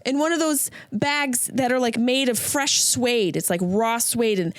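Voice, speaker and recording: A woman's voice: on the high side, measured pace, dry recording. Riffing woman comic, dry close sound. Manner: riffing, slips into silly voices. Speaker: comedian and podcast host. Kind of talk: comedic monologue.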